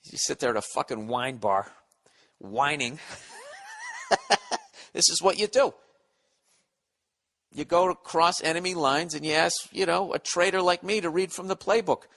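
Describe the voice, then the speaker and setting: Unhurried and a little high-pitched, this Boston-accented podcast host has a slightly bright voice with vocal fry and long pauses. He goes on a casual, comedic rant that's profane, sarcastic and meandering.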